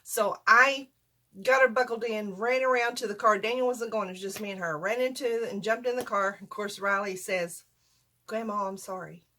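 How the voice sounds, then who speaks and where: A woman's voice: on the high side, moderate pace, bright, forceful tone. Folksy older woman, rambling, self-deprecating storytime vlogger. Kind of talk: casual storytime.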